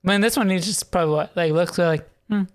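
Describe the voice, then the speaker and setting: A man's voice: sits high, quick pace, smooth. A man co-hosting a casual podcast, chiming in with laid-back, profane remarks about a movie. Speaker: podcast co-host. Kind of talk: casual movie review chat.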